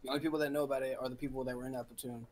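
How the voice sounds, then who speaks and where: A man on a podcast telling boot camp stories in casual chat, acting out shouting drill instructors. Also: medium pitch, level tone, racing.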